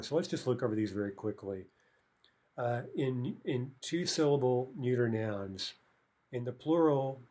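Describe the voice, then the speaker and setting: Husky-voiced man teaching a language lesson. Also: mid-range voice, darkish tone. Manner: explanatory, frequent checking "right?" tags.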